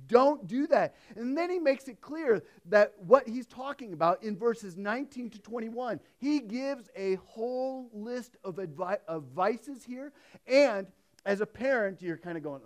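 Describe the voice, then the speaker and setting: A man preaching a sermon in a conversational way, swinging between emphatic raised passages and hushed storytelling. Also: very high-pitched. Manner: conversational, with restarts and asides. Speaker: pastor.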